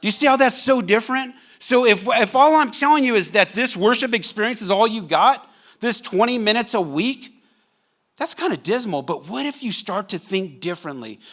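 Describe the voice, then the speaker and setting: A man's voice: high-pitched, animated, normal speed, fairly bright tone. A man, a pastor preaching a sermon to his congregation in a church, talking casually and joking with the room. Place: church sanctuary.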